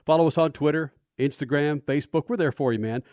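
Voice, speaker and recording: Man, radio host, brash, upbeat, slangy, fairly high voice, dry close sound. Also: fast, a little mellow, no echo. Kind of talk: energetic radio talk and promos.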